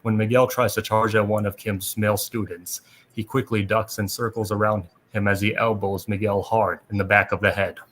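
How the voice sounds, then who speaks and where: A man with a deep, monotone voice reads a plot summary for his podcast. He keeps a steady read-aloud pace and restarts a word here and there. A soft background hiss sits beneath him. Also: normal speed. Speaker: podcast host. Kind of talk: reading a plot recap aloud.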